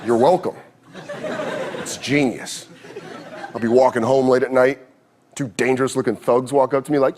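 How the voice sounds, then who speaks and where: A man's voice: mid-range voice, lively intonation, moderate pace, pauses often, slight background noise. A man doing standup comedy in a wry, self-deprecating way. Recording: live club with crowd.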